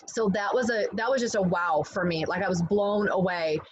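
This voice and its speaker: A middle-aged woman earnestly sharing a personal testimonial over a video call, clearing her throat now and then. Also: mid-range voice, moderate pace. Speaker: guest giving a testimonial. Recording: slightly dull call audio with faint hiss.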